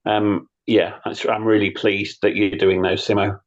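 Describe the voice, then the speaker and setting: A man's voice: fairly low pitch, little pitch movement, moderate pace, dull audio. A man co-hosting a podcast, chatting casually with enthusiastic asides. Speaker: podcast co-host. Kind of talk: casual chat.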